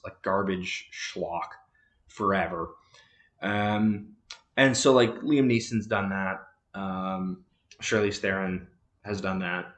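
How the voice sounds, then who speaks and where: A man's voice: on the low side, fairly bright tone, echoey room. A man casually chatting about movies as a podcast host, rambling with many fillers and restarts.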